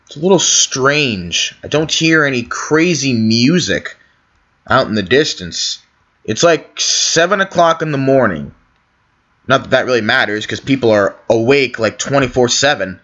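Puzzled young man with a lively voice. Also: mid-range voice, a little slow, lo-fi sound. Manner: puzzled, talking to himself, calling out loudly. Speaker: gaming video host. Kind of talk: in-character role-play commentary.

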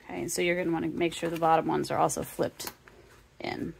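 Creaky-voiced woman teaching sewing. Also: deep voice, little pitch movement, fairly quick, slight background noise. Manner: casual, talks the viewer through each step. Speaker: sewing instructor. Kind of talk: step-by-step craft tutorial.

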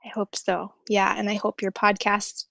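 A woman guest on a podcast speaking earnestly and gently about her own experience. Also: mid-range voice, monotone, gravelly, dry recording. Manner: soft-spoken and earnest, reads a friend's letter aloud slowly. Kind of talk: heartfelt interview talk.

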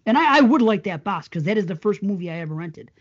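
Laughy podcast dude telling a story, husky voice, lo-fi audio. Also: male voice, high-pitched, big pitch swings, fast talker. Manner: chatty storyteller, laughs often. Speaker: podcast co-host. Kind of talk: casual chat.

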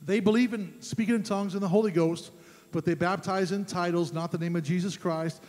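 Emphatic high-voiced male preacher. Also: fairly even intonation, a little fast. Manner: emphatic, rising to loud fervent peaks. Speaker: pastor. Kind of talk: sermon. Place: church sanctuary. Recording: long church reverb.

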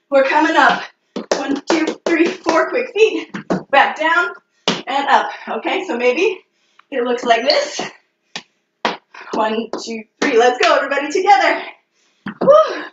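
A woman's voice: sits high, fairly bright tone, recorded from a distance. A woman fitness instructor leading a live-streamed workout, out of breath and sweaty, cheering and counting out reps with lots of energy. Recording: roomy, dull sound with faint noise.

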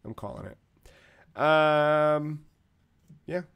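A man hosting a casual gaming podcast, relaxed and loose, swearing now and then. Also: fairly high pitch, extremely slow, gravelly, clean tone. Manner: laid-back, swears casually. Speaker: podcast host.

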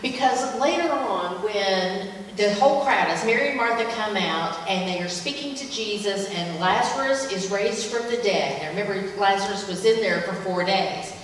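In a church sanctuary, a woman teaches a Bible passage during a service, chatty and enthusiastic, with plenty of fillers. Her mid-range voice moves at a moderate pace with few pauses. She is heard from a distance in a big echoing hall, with long reverb and faint room noise.

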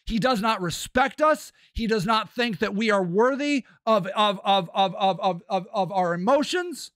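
A man hosting a podcast, delivering an impassioned, profane political rant that swings between shouting and low muttering. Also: expressive, unhurried, dry recording, studio quality. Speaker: podcast host.

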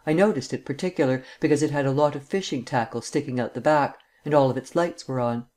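A man's voice: mid-range voice, fast, a little mellow, natural voice. A man reading an audiobook, voicing a respectful, plain-spoken beat patrolman giving his report.

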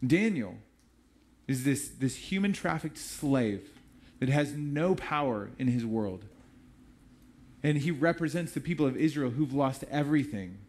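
A man's voice: medium pitch, lively intonation, unhurried, a little mellow. A man preaching a sermon as pastor, in a conversational, storytelling way with casual asides.

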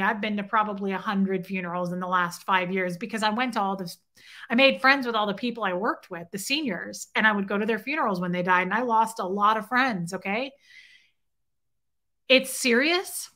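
Woman livestreamer, bright voice, slightly high pitch, blunt and animated, greets chat. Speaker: livestream host. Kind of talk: casual livestream storytelling.

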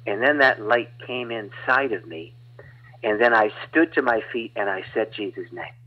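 Husky male guest evangelist, animated testimony storyteller, muffled lo-fi audio. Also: fairly low pitch, moderate pace. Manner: animated, dramatic retelling with laughs. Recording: dull lo-fi audio.

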